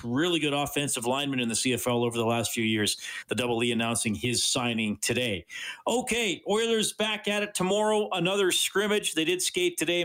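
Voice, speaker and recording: A man's voice: fairly high pitch, fairly bright tone. A man hosting a sports radio show, chatting with a guest and then running through team news.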